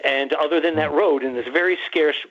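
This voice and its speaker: Loud, emphatic man on a phone line. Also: a little high, fairly quick. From lives in Arizona. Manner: loud, emphatic, repeats himself. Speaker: guest researcher. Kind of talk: storytelling on a call-in radio show.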